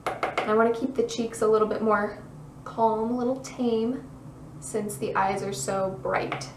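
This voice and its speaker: A young woman talking through a makeup tutorial in a chatty, bubbly way, her voice a little hoarse. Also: on the high side, fairly even intonation, a little slow, echoey room, recorded from a distance, noisy background. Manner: chatty, bubbly, self-deprecating asides. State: losing her voice, slightly hoarse. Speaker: beauty vlogger.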